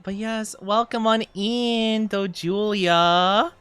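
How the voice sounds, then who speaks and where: Livestreamer, casual gameplay chat, bright, giggly voice, soft music underneath. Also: mid-range voice, steady tone, slow, clear, resonant tone, no room sound. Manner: chatty and giggly, answers chat messages. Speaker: streamer reading chat.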